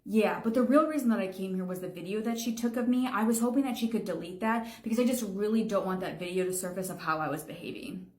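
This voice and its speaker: A woman's voice: mid-range voice, quick pace, few pauses, a little mellow, echoey room, lightly acted. A woman playing an entitled, demanding female customer in a comedy retail skit, whining and repeating her demands. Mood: sheepish. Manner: whiny, repetitive, entitled demands.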